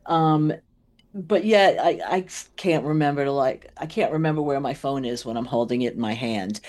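A woman's voice: a bass voice, normal speed, a little mellow. A middle-aged woman co-hosting a casual chat, rambling through memories with frequent laughs and trailing asides.

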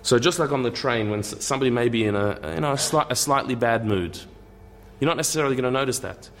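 A man's voice: mid-range voice, fast talker, a bit bright, a little hiss or hum. A man giving a conversational lecture, thinking aloud with repeated words and restarts and tossing in wry asides.

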